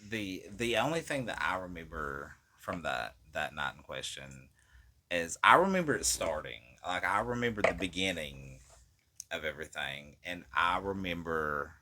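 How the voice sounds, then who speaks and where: Male podcast co-host, very low and lively in pitch, short dry remarks. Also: moderate pace, a little hiss or hum. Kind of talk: casual chat.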